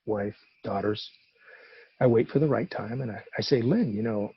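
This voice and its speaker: A middle-aged man speaking at a recovery meeting, telling a personal story in an animated, conversational way and acting out the dialogue. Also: mid-range voice, normal speed, gravelly, husky, no echo, highs cut off.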